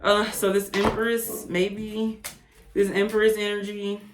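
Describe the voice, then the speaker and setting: A woman giving a casual tarot reading to camera, chatty and animated, with blunt, profane asides. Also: medium pitch, slow pace, echoey room, noisy background. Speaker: tarot reader.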